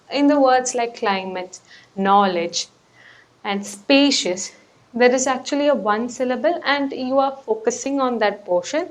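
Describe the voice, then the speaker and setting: A woman coaching test preparation, explaining word stress in an unscripted way, with fillers and rephrasing. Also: high-pitched. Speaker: PTE coach. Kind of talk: English lesson explanation.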